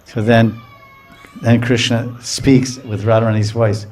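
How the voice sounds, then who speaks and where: A man giving a religious lecture, telling a sacred story in a lively way, acting out the characters and checking in with his listeners. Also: medium pitch, measured pace. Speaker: spiritual teacher.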